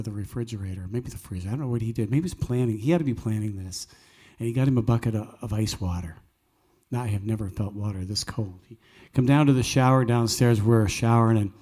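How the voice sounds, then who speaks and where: A man's voice: fairly low pitch, dark tone. A man, hosting a live cafe music night, telling stories earnestly and preaching with jokey asides. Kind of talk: folksy storytelling with preaching.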